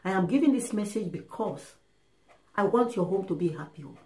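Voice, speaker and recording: A woman giving relationship and sex advice in a casual monologue, emphatic and animated, acting out little dialogues. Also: mid-range voice, brisk, a little hiss or hum. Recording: roomy echo.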